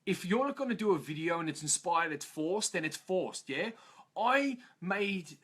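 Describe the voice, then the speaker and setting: A man's voice: high-pitched, expressive, normal speed, a bit bright, husky. A man speaking on a live stream in a room of his parents' house, bluntly motivating listeners, swearing freely and acting out other people's complaints.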